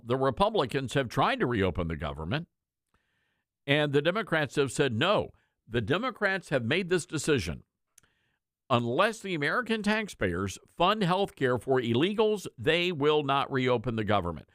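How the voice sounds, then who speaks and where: A man's voice: mid-range voice, a bit bright, no room sound, clean studio sound. A man hosting a political talk radio show, commenting in a folksy, sarcastic, conversational way.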